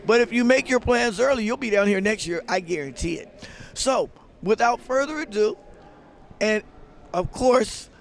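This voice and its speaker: A man's voice: high-pitched, lively intonation, moderate pace, creaky. A man hosting a casual interview at an expo, upbeat and chatty as he promotes the event. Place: busy expo floor.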